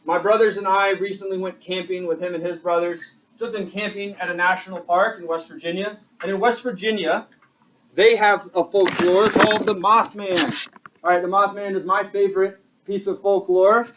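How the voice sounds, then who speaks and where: A young male high school teacher giving a chatty classroom lecture, asking the class questions and joking at his own expense. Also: steady tone, moderate pace. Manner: chatty, self-deprecating, asks the class questions. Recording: distant mic with faint classroom noise.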